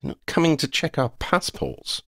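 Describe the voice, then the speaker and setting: Man doing a sarcastic teen boy, high voice. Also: moderate pace, a bit bright, no echo, studio quality, close to an everyday voice. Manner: sarcastic, sceptical. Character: sceptical sarcastic teenage wizard boy.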